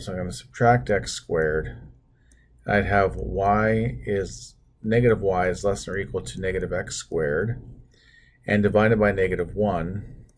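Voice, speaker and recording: A man's voice: sits low, darkish tone, a little hiss or hum. A man teaching math as he draws on a computer screen, talking through each step with self-deprecating asides. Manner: talks through steps while drawing, self-deprecating asides. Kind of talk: screen-recorded math lesson.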